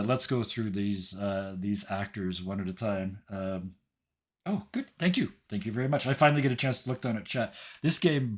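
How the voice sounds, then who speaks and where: A man running a tabletop game, narrating the scene and thanking his players in a chatty, animated way with many fillers. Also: lowish voice. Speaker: game master.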